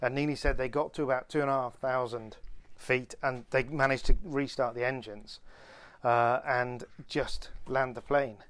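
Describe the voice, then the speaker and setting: Man, podcast co-host, lively storyteller, mid-pitched voice, dry close mic. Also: normal speed, no room sound. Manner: lively storyteller, restarts and builds to punchlines. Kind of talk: anecdotal storytelling chat.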